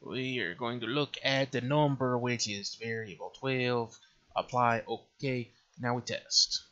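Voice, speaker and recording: Working through menus at his computer, this tutorial host thinks aloud and mutters to himself in a casual, screen-recorded game development lesson. He has a mid-range voice with a steady, sharp tone and an unhurried pace, and the lo-fi audio is slightly dull.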